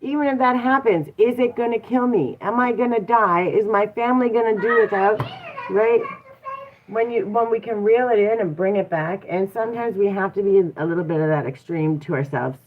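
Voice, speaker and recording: A woman's voice: medium pitch, normal speed, slight background noise. A woman hosting a casual motivational talk, encouraging listeners and asking them rhetorical questions. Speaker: host. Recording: tinny phone-like sound.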